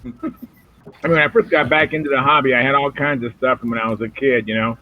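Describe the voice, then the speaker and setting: A man of middle pitch hosts a relaxed video-call hangout, meandering through his thoughts with plenty of fillers. The audio is narrow and tinny, like a phone line. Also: quick pace. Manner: rambling, filler-heavy. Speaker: host of a hobby video hangout. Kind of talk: casual chat on a video call.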